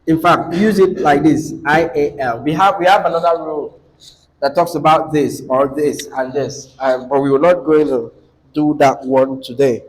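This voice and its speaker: A man's voice: on the high side, moderate pace, low-quality recording. A man teaching a class on word stress, often putting questions to the students and repeating the key words. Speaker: English teacher. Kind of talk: classroom lecture.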